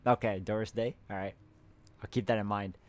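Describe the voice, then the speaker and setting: A man's voice: lowish voice, fairly even intonation, fairly quick, dry recording. Man reading game letters aloud. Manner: reads letters plainly, breaks off to chat and laugh. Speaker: host, playing a co-op puzzle game.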